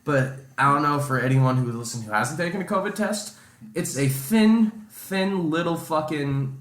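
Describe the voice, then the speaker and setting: With a fairly high voice at a moderate pace, this man co-hosts a podcast and narrates a story in relaxed conversation. He's a profane, animated storyteller who performs dramatic impressions of those he quotes, and the recording sounds roomy.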